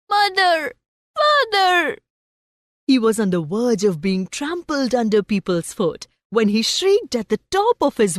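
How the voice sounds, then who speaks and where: A woman's voice: medium pitch, dry recording, clean studio sound. A woman teacher narrating a story for a class and then asking her students questions about it. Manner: slow, expressive storytelling.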